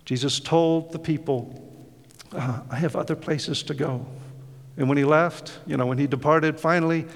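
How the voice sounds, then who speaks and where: A man's voice: on the high side, fairly even intonation, normal speed, big-room sound. A man preaching a sermon, telling a story with passion and many fillers, then leading a prayer. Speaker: pastor.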